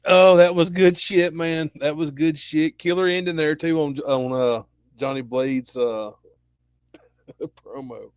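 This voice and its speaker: A man's voice: on the high side, slow pace, clean tone, no room sound. A male host in casual chat, laughing hard and swearing as he introduces matches. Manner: laughing, profane and excitable.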